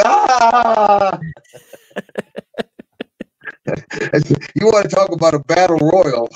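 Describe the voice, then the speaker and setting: Lo-fi animated older storyteller man. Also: a little high. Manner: animated yarn-spinner, laughs through stories, acts out voices. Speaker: podcast host, former pro wrestler. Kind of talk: casual storytelling chat. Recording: dull lo-fi audio.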